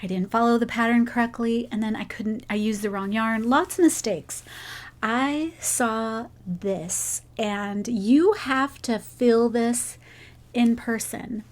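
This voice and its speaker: A woman's voice: a little high, slow pace. A woman vlogger chatting casually about crochet and gifts, sentimental and thankful. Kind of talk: casual chat.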